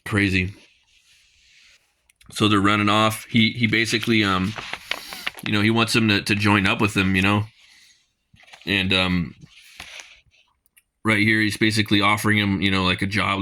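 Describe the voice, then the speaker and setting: A man's voice: lowish voice, level tone, normal speed, pauses often, bright, forceful tone. A man casually reviewing a comic page by page, rambling with lots of fillers and reading dialogue aloud.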